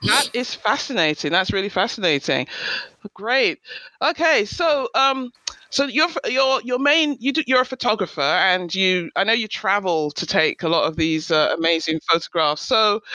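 A man with a high, bright voice hosts an interview. He is recorded close and dry. He responds to his guest with enthusiasm and frequent compliments. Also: animated, moderate pace, no room sound, poor audio. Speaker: podcast host. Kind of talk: interview conversation.

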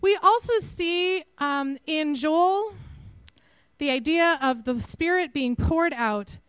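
Woman, Texan accent, high voice, lively conversational preaching, dry close sound. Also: takes it slowly, no echo, low-quality recording. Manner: conversational, animated, self-deprecating. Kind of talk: sermon.

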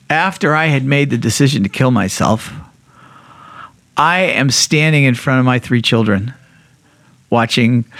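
A man's voice: fairly bright tone, dry recording. Blunt, profane man telling his story. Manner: blunt and profane, with frequent restarts; acts out quoted voices with big jumps in pitch. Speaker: podcast guest. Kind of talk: candid personal storytelling.

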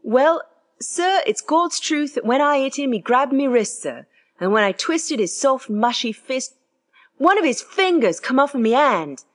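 A woman's voice: very animated, measured pace. Woman doing a Cockney bellboy, nervous and deferential. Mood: earnest. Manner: dropped grammar, constant "sir", higher pitch.

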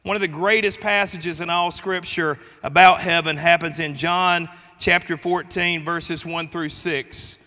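High, bright-voiced preacher in a reverberant hall. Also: male voice, steady tone, a little slow, few pauses. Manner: earnest preaching with emphatic rises. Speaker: pastor. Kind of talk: sermon. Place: church sanctuary. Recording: long church hall reverb.

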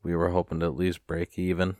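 A man hosting a podcast, telling a story in a casual, profane, rambling rant with animated retellings. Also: sits low, brisk, no echo, clean studio sound. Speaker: podcast host.

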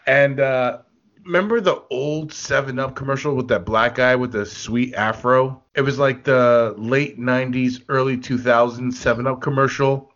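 A man co-hosting a casual podcast, telling rambling stories in an excitable way and laughing often. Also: mid-range voice, normal speed. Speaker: podcast co-host. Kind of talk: casual chat. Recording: dull lo-fi podcast audio.

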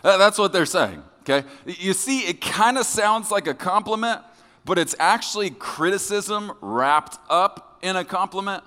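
A man preaching a sermon as pastor to his congregation, joking with them in a lively, conversational way. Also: sits high, normal speed. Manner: lively, joking with the congregation, acting out quoted voices. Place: church sanctuary. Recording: long hall reverb.

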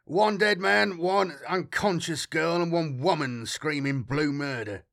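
A man's voice: a little high, measured pace, vocal fry, a bit bright. A man voicing a blunt, commanding male security officer on a starship in an audiobook. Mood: curt report.

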